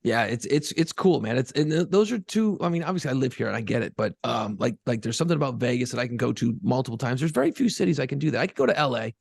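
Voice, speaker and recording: A man co-hosting a podcast in casual chat, talking quickly, swearing and dropping laughing asides. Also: mid-range voice, expressive, creaky, slightly rough, no echo. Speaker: podcast co-host.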